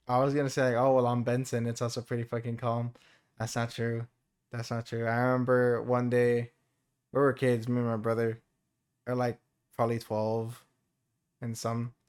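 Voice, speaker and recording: A man's voice: mid-range voice, clean tone. A man co-hosting a podcast in casual chat, laid-back, swearing freely and laughing often. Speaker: podcast co-host.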